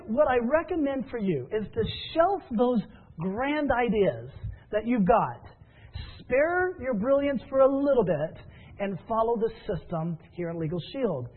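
A fairly high-voiced man tells stories and coaches his listeners in an upbeat, encouraging way. His voice comes through a thin, tinny phone line. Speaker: business trainer. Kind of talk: motivational training talk.

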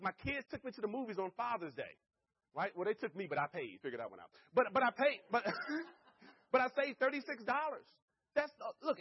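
Upbeat husky man pitching to a crowd. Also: muffled recording. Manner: energetic, keeps checking in with the audience. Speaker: sales presenter. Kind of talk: live sales presentation. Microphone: handheld or stand mic.

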